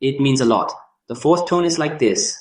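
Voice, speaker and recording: A man narrating a scripted language lesson, speaking deliberately and drawing out sounds to demonstrate them. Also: mid-range voice. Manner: slow, deliberate delivery demonstrating tones with drawn-out sounds. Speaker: language teacher.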